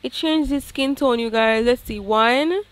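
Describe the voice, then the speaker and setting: A woman giving chatty, excitable commentary to her viewers as she plays a life-sim game, a gaming YouTuber talking casually to her audience. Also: on the high side, a little slow, dry recording.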